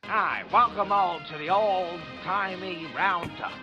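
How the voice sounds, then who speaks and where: A man's voice: sits high, slow, muffled recording, music in the background, voice pushed up. A man doing a brash old-timey radio newsreader. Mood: jaunty. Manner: jaunty exclaiming headline patter.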